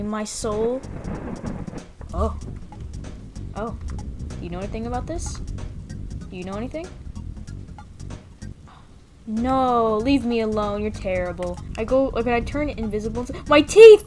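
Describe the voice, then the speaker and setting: A young woman giving casual, playful commentary as she plays a game, excitable and full of gasps and mock panic. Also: on the high side. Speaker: gaming video creator.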